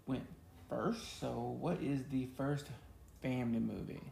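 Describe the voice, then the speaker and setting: A man's voice: medium pitch, steady tone, a little slow, vocal fry, warm tone, echoey room, a little hiss or hum. A man co-hosting a podcast in casual chat, joking and teasing his co-host. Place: home studio. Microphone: podcast mic.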